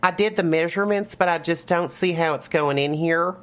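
A woman's voice: lowish voice, brisk, voice pushed up, lightly acted. A man putting on a chatty North Florida woman customer with a syrupy drawl. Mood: sweet, puzzled.

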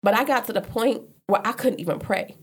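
A woman's voice: a little high, a little fast. A woman candidly telling a personal story in loose, casual conversation, often restarting and filling with "like". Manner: earnest, repeats herself with "like", loose casual speech. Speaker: guest sharing a personal story.

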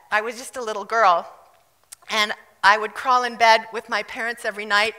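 A woman from South Africa preaching a fervent, emphatic sermon with loud bursts of declaration. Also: on the high side, big-room sound. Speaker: pastor.

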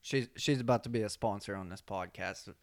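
A man's voice: fairly low pitch, a little fast. A man hosting a podcast in casual chat, teasing his co-host with questions and laughing often. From northern United States.

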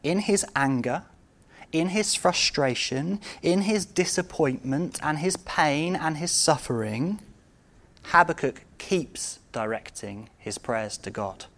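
A man preaching a sermon, asking his congregation rhetorical questions and moving between loud outbursts and quiet, intimate moments. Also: on the high side, animated, slow pace.

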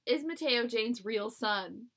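A young woman chats casually as a podcast co-host, and her voice sits a little high and sounds bright and crisp. She swings her pitch widely, giggling and tossing off quick asides. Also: animated. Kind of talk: casual chat.

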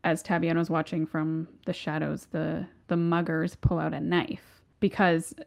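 A woman co-hosting a casual chat, retelling a story in an animated way and acting out the characters. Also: a little slow, creaky. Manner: animated, acts out characters with big pitch jumps and laughter. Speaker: podcast co-host.

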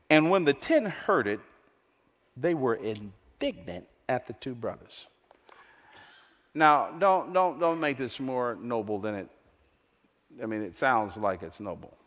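A man preaching a sermon in a church, emphatic and repetitive, swinging between loud, lifted lines and hushed ones. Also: medium pitch, sing-song, takes it slowly, long pauses. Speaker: pastor. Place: large church hall. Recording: long reverb of a large hall.

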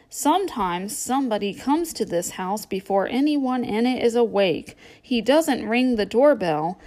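A woman's voice: a little high, darkish tone. A woman reading a children's storybook aloud as a playful guessing game.

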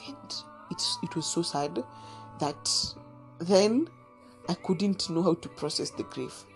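A woman tells a personal story in an earnest, halting way. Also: fairly low pitch, sing-song, gravelly, faint music behind. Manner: earnest, halting, with fillers and restarts.

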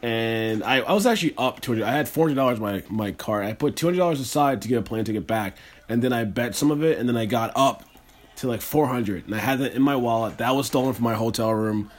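A young man co-hosting a podcast, telling stories in a fast, excitable way and swearing freely. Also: mid-range voice. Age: young adult. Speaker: podcast co-host. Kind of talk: casual podcast chat.

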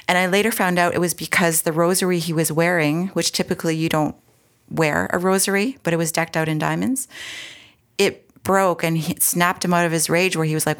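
A woman's voice: lowish voice, steady tone, normal speed, a bit bright. A woman, earnestly telling her own story as an interview guest, with frequent restarts and asides. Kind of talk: personal storytelling in conversation.

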